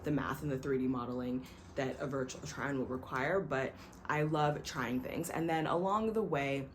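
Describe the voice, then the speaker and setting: A young woman with a low voice chats casually to her camera. She rambles, laughs at herself and fills her pauses with ums. A faint hiss sits under the recording. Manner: chatty, self-deprecating, rambling with fillers. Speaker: vlogger, software engineer.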